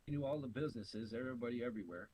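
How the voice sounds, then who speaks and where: A middle-aged man from Canada spins long, profane stories in a loose, casual chat, his voice rising and dropping as he acts out the people in them. He sits in the middle of the usual male pitch range. A faint hiss runs under the recording. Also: racing, low-quality recording. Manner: profane, animated storyteller with laughs. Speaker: podcast co-host.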